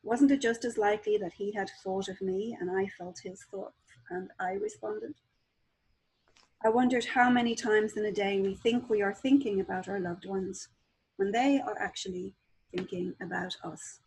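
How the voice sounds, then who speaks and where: A woman author talking as a guest on a video call and reading aloud from her own book in a calm, measured way. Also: medium pitch, slightly rough, rough recording.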